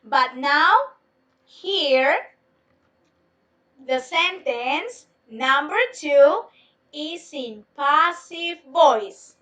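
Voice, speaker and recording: A high, bright-voiced woman leads an online English lesson at a slow, patient pace. She repeats her questions for her students. She sits a little away from the mic. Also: animated, recorded from a distance. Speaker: English teacher. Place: home, on a video lesson.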